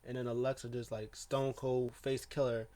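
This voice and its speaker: A man's voice: mid-range voice, flat delivery, normal speed, dark tone. Rambling man recapping wrestling. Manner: rambling, heavy with fillers and restarts. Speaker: wrestling show reviewer. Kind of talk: casual recap talk.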